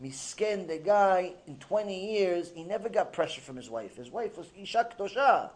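High-voiced, animated male lecturer. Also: normal speed. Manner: animated, emphatic storytelling, mixing Hebrew terms into English. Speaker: rabbi giving a lecture. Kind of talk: Torah lecture with storytelling.

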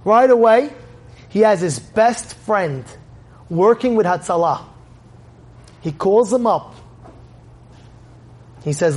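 A man giving a sermon, telling a story in an animated way and acting out its scenes. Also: high-pitched, slow pace, pauses often. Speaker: religious speaker.

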